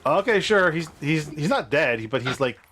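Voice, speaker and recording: A man's voice: a little high, expressive, moderate pace, a bit bright, a little hiss or hum. A man acting as game master over a video call, casually describing scenes and explaining rules to young players with plenty of fillers.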